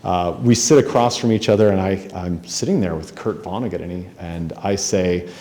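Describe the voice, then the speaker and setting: A middle-aged author from Spokane giving a conference talk, telling self-deprecating stories in a conversational way with frequent ums and restarts. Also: male voice, deep voice, moderate pace, warm tone. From Spokane, Washington, USA. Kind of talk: anecdotal storytelling speech. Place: hotel conference room.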